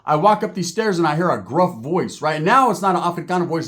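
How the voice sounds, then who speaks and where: A man's voice: a little high, expressive, a little fast, few pauses, fairly bright tone. Profane, streetwise male storyteller. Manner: profane, streetwise, keeps asking "right?". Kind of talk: stand-up comic storytelling.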